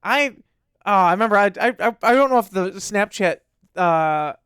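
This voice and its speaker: A man co-hosting a podcast in casual chat, telling an animated story and acting out what his dog would say. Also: high-pitched, normal speed, clean tone, dry recording, studio quality. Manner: animated storyteller, acts out his dog's lines. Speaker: podcast co-host.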